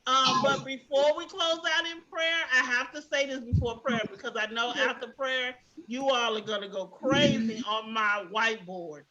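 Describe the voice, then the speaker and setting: Woman teacher, young adult, high voice, warm praise, laughs a lot; muffled call audio. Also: steady tone, normal speed, hardly any pauses. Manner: effusive, grateful, laughs often. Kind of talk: online class closing remarks. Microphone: video call.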